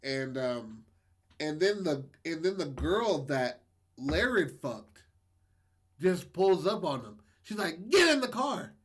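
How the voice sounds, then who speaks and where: Podcast co-host, male, a touch high-pitched, slangy and loose, laughs a lot as he talks. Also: lively intonation, slow. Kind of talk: casual storytelling chat.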